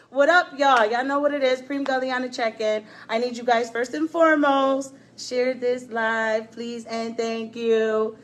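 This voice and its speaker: Woman host, fairly high voice, brash and swearing, casual livestream chat into a phone. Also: level tone, unhurried, hardly any pauses. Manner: brash and profane, hyping the show. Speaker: podcast host. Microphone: phone or camera on a live stream.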